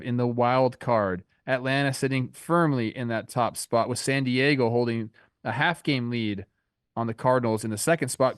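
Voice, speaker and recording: A man co-hosting a baseball podcast, reading the league standings in a steady, matter-of-fact way. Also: medium pitch, no echo, clean studio sound. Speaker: podcast co-host.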